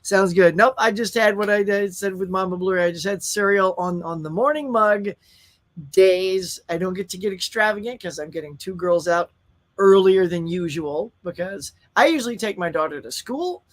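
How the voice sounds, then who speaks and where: A man in his thirties hosts a live stream, chatting in a friendly, upbeat way. His voice sits high for a man. He greets viewers by name and reads their comments aloud. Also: moderate pace. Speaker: livestream host. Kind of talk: casual live-stream chat.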